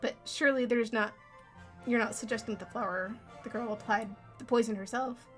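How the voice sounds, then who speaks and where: A woman's voice: fairly high pitch, steady tone, normal speed, faint music behind, lightly acted. A woman reading as a questioning young lawyer. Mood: inquiring. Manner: questioning, level investigative tone. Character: inquisitive young male lawyer.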